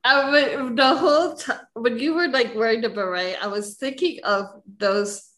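A woman's voice: on the high side, moderate pace, fairly bright tone, roomy sound. A woman interviewing a guest in casual chat, laughing often as she talks.

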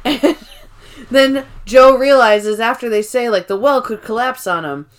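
A woman co-hosting a podcast, recapping a movie in an animated, laughing way. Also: a little high, a little slow. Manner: animated, laughing retelling with frequent fillers. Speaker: podcast co-host. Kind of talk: casual chat recapping a movie.

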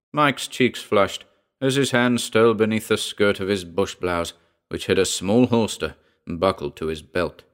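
A man with a lowish voice narrates a short story as an audiobook. He reads in a steady, measured way. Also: smooth.

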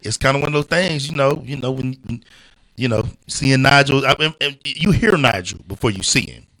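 Man, casual guest on a podcast, relaxed and chatty, bright clear tone. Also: mid-range voice, fairly quick, low-quality recording. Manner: laid-back, heavy use of "you know what I'm saying". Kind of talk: casual chat. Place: indoors, seated at a table with beers.

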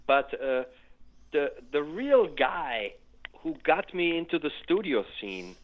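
An older man, a music producer and keyboardist, telling stories in a casual interview, rambling with restarts and growing animated. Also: a little high, slow pace, narrow, tinny audio.

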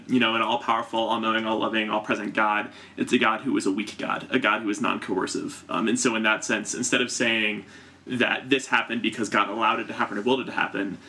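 A man's voice: lowish voice, steady tone, brisk, sharp tone. A man in a casual group discussion, explaining ideas in an organized way.

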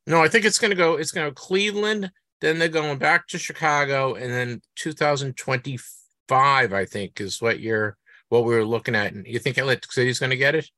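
Boston guy hosting a hobby podcast, bright voice, dry close mic, lots of restarts. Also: mid-range voice, no echo. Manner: halting, restarts often, chatty. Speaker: podcast host. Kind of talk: casual interview chat.

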